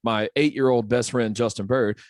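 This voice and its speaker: A man's voice: medium pitch, fairly even intonation, darkish tone, no room sound, clean studio sound. A man co-hosting a casual podcast chat, telling crude stories with plenty of swearing. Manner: crude, fast storytelling. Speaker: podcast co-host.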